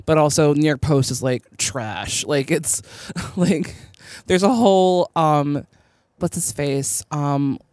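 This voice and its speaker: A woman's voice: low voice, slow, a little mellow, no echo, clean studio sound. A woman co-hosting a TV recap podcast in casual chat, rambling with many fillers and frequent laughs. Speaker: podcast co-host.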